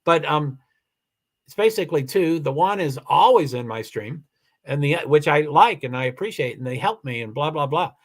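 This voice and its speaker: Man, livestream host, a touch higher-pitched, halting casual delivery, insistent streak. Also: animated. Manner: halting, many restarts, firm and insistent when annoyed. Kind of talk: casual livestream chat reading comments.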